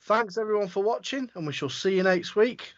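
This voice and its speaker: A man co-hosts a livestream, chiming in with short agreeing words. His voice sits somewhat high. The sound is muffled and lo-fi. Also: expressive, fairly quick. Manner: brief agreeing interjections. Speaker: co-host. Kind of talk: casual chat. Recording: dull lo-fi stream audio.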